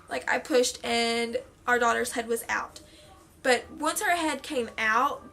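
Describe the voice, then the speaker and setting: A young adult woman casually telling her own story to camera, talking quickly with many fillers and acting out what others said. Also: sits high, vocal fry. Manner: animated, quick, many fillers, acts out quoted voices.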